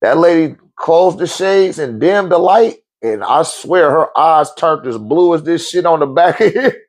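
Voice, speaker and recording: A man in his forties or older tells a long story in a loose, profane, animated way, laughing often. His voice sits a bit high for a man, and he jumps much higher when he acts out what people said. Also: measured pace, no room sound. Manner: acts out quotes with sudden high-pitched outbursts. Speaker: podcast host telling a story. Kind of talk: casual storytelling.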